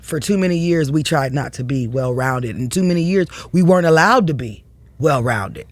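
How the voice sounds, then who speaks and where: A woman's voice: low voice, animated, normal speed, dry recording. Earnest woman, heartfelt and dry-miked. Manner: earnest, heartfelt, casual slang. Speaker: podcast guest. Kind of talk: emotional interview conversation.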